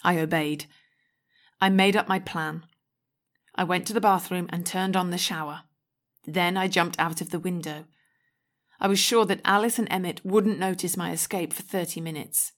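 A woman narrating a first-person audiobook story in a clear, measured way. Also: on the low side, steady tone. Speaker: audiobook reader.

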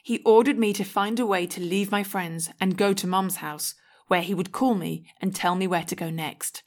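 A woman narrates a first-person story in a clear, measured reading voice. Her pitch sits in the middle range, and she paces the storytelling evenly. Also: steady tone. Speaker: audiobook reader.

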